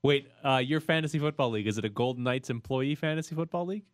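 A man co-hosting a sports radio show, jumping in with quick questions. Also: medium pitch, no room sound, clean studio sound. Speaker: radio co-host. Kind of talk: casual sports radio chat.

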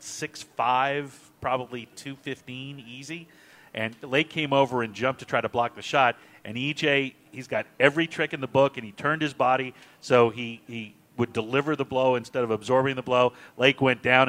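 A man with a mid-range voice hosting a sports talk show. He recounts game plays in a measured, broadcaster's manner. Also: mid-range voice, fairly bright tone. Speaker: show host.

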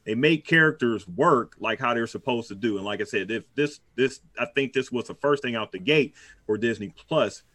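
A man's voice: medium pitch, moderate pace, sharp tone. A man chatting casually on a podcast, rambling with many restarts and fillers. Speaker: podcast co-host. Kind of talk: casual chat.

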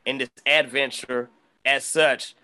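A middle-aged man from the Bay Area, a guest rapper telling stories in a loose, profane, animated way with lots of restarts. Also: mid-range voice, takes it slowly. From San Francisco Bay Area. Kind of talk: casual storytelling chat.

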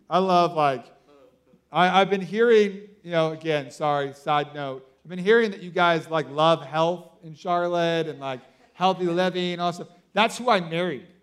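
A man in his thirties preaching a sermon, telling stories excitedly with lots of fillers like "like" and "you know". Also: fairly high pitch, clear, resonant tone. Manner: excitable storytelling with many fillers. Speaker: pastor.

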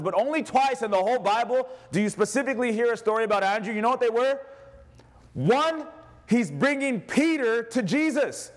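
A man preaching a sermon as pastor, animated, acting out the voices of the people in his stories. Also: sits high. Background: congregation responding.

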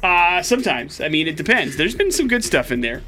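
A male radio morning show host telling stories in lively, casual banter in a studio. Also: sits high, a little fast, faint music behind. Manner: lively, chatty, animated storytelling with fillers.

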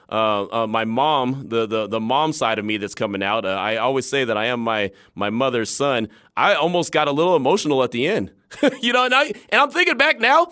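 A man hosting a sports talk radio show, chatting with animated energy and laughing easily. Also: mid-range voice, no echo, studio quality.

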